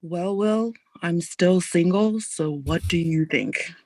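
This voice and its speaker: A woman's voice: on the low side, slow pace, darkish tone, no room sound. A woman speaking as a podcast guest, frank and sassy, swearing freely. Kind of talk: casual podcast chat.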